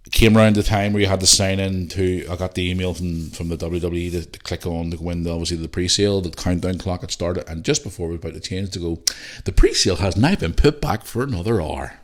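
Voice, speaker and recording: A man hosting his podcast alone, telling a story casually, swearing often and quoting his own thoughts. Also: deep voice. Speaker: podcast host.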